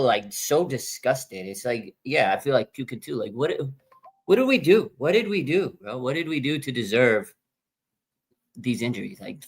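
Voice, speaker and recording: A man's voice: mid-range voice, a bit bright. A young man, a fan streamer, venting in a casual live-stream rant, repeating himself and calling out "man" and "dude".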